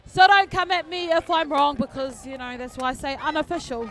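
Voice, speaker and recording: A woman giving chatty, joking, excitable live commentary on a canoe race outdoors. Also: very high-pitched, moderate pace, a faint crowd.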